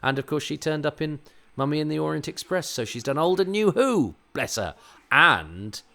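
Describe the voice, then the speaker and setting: A man's voice: on the high side, expressive, normal speed, gravelly, sharp tone. A man with an English RP accent giving chatty, digressive watch-along commentary as a podcast host, often poking fun at himself. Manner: chatty, digressive, self-mocking.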